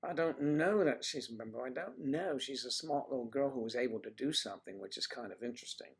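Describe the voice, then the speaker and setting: A man's voice: medium pitch, fairly quick, husky. A man hosting a casual livestream, chatting to viewers in a playful, rambling way with teasing asides. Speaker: livestream host.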